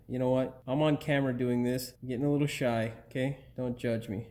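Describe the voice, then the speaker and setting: A man's voice: medium pitch, fairly even intonation, a little fast, hardly any pauses, dark tone. A man hosting an auto repair video, casually explaining each step while he works, joking and swearing along the way. He talks straight to the viewers from a repair shop. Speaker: auto repair channel host. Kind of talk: casual how-to narration while working.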